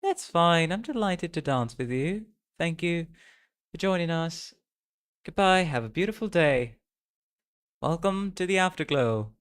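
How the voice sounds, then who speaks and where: A man's voice: on the high side, expressive, a little slow, long pauses, fairly bright tone, clean tone, pitched above the performer's own voice. A man reading game dialogue aloud, voicing a polite, gracious greeter at a dance hall in a raised voice. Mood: courteous. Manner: polite, courteous.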